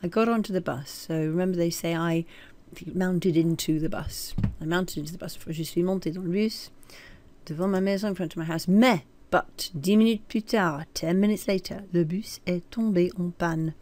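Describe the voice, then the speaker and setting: A woman's voice: fairly low pitch, moderate pace, darkish tone, a little hiss or hum. A woman teaching French, reading short sentences and then translating and commenting on them, with asides where she corrects herself. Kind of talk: recorded language lesson.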